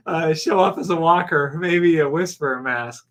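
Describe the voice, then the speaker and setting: A man's voice: on the high side, normal speed, few pauses, a bit bright. A Canadian man hosting a casual live stream, rambling and chuckling as he answers viewers' comments. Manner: rambling, chuckling, talks back to chat comments.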